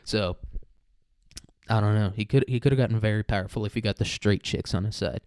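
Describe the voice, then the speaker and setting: A man with a low, relaxed, mellow voice riffs through a rambling, profane comedy rant. He leans on "dude" and "like" constantly. The sound is close and dry. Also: brisk, clean tone, dry recording. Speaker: comedic commentator.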